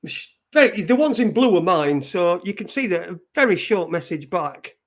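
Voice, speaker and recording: A man's voice: high voice, big pitch swings, moderate pace. A man hosting an online show, swearing and mocking as he reads out messages. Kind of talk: casual live-stream rant.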